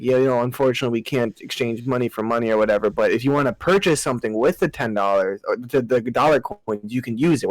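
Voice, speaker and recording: A young man co-hosting a casual podcast, telling lively work stories and laughing as he acts out his coworkers. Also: medium pitch, no echo, rough recording. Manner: animated storytelling, laughing and acting out coworkers. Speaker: podcast co-host. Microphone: podcast mic over internet call.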